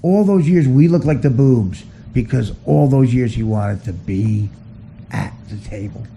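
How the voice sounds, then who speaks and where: A man ranting in a profane comic style, laughing at his own jokes and dropping to a hushed near-whisper when confessing. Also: mid-range voice, measured pace, creaky, a little hiss or hum, low-quality recording. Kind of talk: profane comedic rant.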